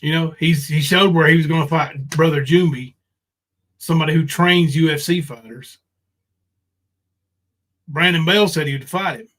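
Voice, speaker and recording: A man's voice: fairly high pitch, moderate pace, pauses often, a bit bright, rough recording. A man ranting on a livestream, confrontational and profane, full of ums and restarts. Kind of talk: casual livestream rant.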